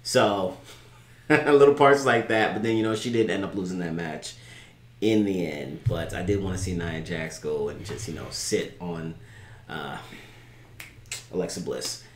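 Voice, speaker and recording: A man co-hosting a podcast in casual chat, loud and excitable, breaking into yells and laughs. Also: low-pitched, a little slow. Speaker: podcast co-host. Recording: echoey room, faint noise.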